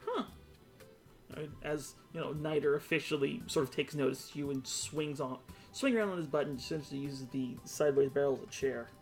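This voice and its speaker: A man's voice: a little high, brisk, faint music behind. A man narrating as game master in a tabletop game, describing scenes loosely with fillers.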